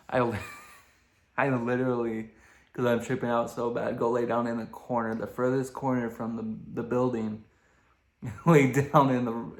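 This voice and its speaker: Laid-back young man with a gravelly voice. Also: medium pitch. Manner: laid-back, rambling, lots of fillers. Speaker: vlogger. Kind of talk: casual storytelling. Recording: echoey room.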